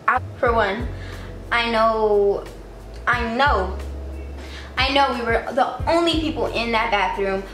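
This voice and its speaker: Young woman, highish voice, chatty storytime, roomy echo, faint music behind. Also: a bit bright. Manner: chatty, repeats herself, fills with "like". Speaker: vlogger. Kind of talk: casual storytime.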